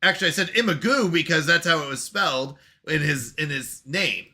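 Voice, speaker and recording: A male streamer talks casually to his audience with an excitable manner and frequent laughter. His voice sits high and jumps around in pitch. The tone is very bright. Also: brisk. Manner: excitable, laughs often, exclaims at himself. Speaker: live-stream host. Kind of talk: casual live-stream chat.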